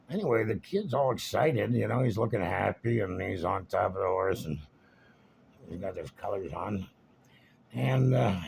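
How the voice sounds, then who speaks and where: A man with a low, gravelly voice spins a casual story, wandering off on asides as he goes. His delivery is wry and chatty, with a faint hiss of noise underneath. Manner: wry, meandering, conversational. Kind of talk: casual spoken anecdote.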